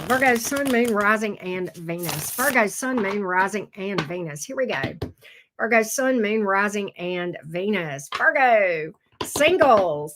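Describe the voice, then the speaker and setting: A woman giving a casual tarot reading, chatty and excitable, swearing now and then when she gets thrilled. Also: mid-range voice, a little slow, background noise. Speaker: tarot reader.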